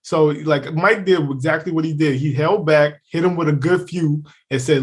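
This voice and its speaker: An animated man co-hosting a podcast, cursing freely and dropping into voices to act out what other people said. His voice sits a little high for a man. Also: normal speed, hardly any pauses. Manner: animated, profane, acts out quotes in funny voices. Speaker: podcast co-host. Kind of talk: casual chat.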